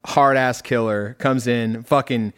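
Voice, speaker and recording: A man's voice: medium pitch, a little slow, clean tone. A man co-hosting a podcast, recapping a film in casual chat, swearing freely and laughing often. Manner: profane, laughs often, animated storytelling. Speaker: podcast co-host.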